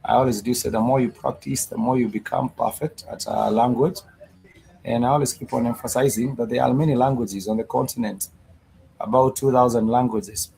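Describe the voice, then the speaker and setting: A man's voice: medium pitch, steady tone, brisk, creaky, mellow, low-quality recording. A man teaching a live-streamed language lesson, patiently repeating words and breaking them into syllables. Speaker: Swahili teacher.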